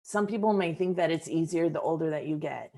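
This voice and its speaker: A woman with a low voice that has a gravelly edge hosts a podcast interview. She speaks earnestly and reflectively, turning often to address her audience. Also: fairly quick, warm tone. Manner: thoughtful, earnest, speaks to listeners directly. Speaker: podcast host.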